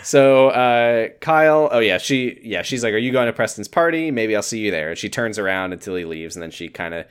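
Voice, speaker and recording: A man's voice: on the low side, animated, fairly quick, few pauses, clear, resonant tone. A man co-hosting a podcast in casual chat, joking and laughing easily as he retells scenes from a TV episode. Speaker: podcast co-host.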